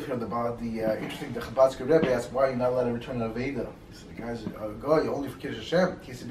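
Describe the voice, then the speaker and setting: Fast-talking man teaching in an echoey room. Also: mid-range voice. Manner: fast, animated storytelling with many fillers. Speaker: Torah class teacher. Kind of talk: informal Torah class with students. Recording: echoey room, mic far off, faint noise.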